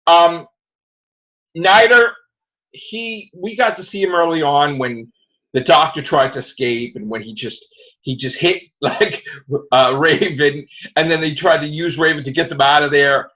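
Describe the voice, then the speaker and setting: Man, podcast host, slightly high voice, casual review chat, rambling animated retelling. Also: measured pace, low-quality recording.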